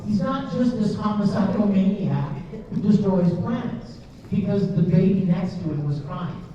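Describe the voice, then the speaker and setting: Animated high-voiced man in an echoey hall. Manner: chatty, laughs often, asks rhetorical questions. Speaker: voice actor answering fan questions at a convention panel. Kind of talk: animated storytelling in a Q&A. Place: large convention panel room with an audience. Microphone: filmed from a camera in the audience. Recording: echoey hall recorded from far off, dull sound.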